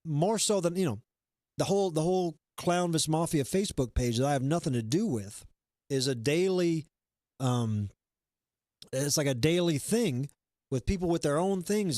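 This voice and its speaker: A man's voice: medium pitch, darkish tone, no room sound, studio quality. Rambling, chatty male livestream host. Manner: rambling, self-deprecating, reads chat comments aloud. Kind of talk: casual chat.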